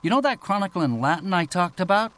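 A man voicing an excitable young American researcher in an audiobook, dramatic and dismayed. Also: sits high, quick pace, voice pushed up.

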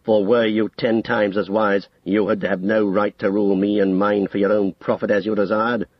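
A man voicing an aging, defiant king in an audiobook, making slow, weighty accusations in a gravelly voice. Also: lowish voice, flat delivery, dry recording, close to an everyday voice. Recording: dull lo-fi audio, dry.

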